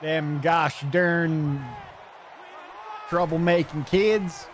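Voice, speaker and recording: A man voicing a cranky Southern man with a put-on Southern accent, yelling folksy complaints about troublemaking kids. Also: a little high, fairly even intonation, drawn-out words, some chatter behind, a little hiss or hum. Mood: indignant.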